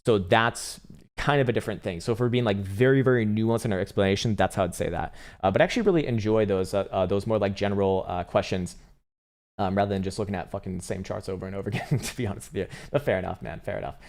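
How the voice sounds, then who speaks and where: A man's voice: fairly low pitch, fast talker, darkish tone. Profane, rambling male crypto streamer. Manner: profane, rambling, laughs often, mock outbursts at chat. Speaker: crypto trading livestream host. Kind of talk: casual live-stream chart commentary.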